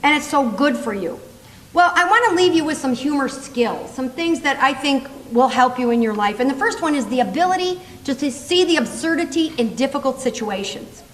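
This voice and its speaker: High-voiced woman speaker in an echoing hall. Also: a little fast, slight background noise. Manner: lively, laughing, chatty. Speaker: motivational humor speaker. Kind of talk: comedic storytelling talk. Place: large conference hall. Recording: long reverb in a conference hall.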